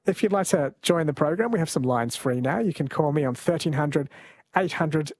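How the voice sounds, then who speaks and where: Male radio quiz host, fairly high voice, relaxed and chatty, dry close studio sound. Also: normal speed, breathy edge, no room sound. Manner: relaxed, chatty, laughs easily. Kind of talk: late-night radio talk. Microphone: studio mic.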